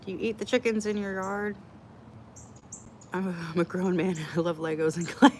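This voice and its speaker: Answering chat on a livestream, a middle-aged woman runs a casual Q&A, reacting to viewer comments with blunt jokes and lots of chatter. She speaks at a moderate pace in a somewhat low, darkish voice with a steady tone, over a little hiss or hum.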